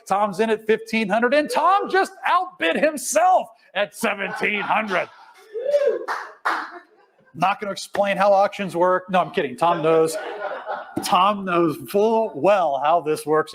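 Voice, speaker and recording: A man working as auctioneer at a livestreamed charity benefit, calling out bids in an upbeat, jokey way and reading out the lots. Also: sits high.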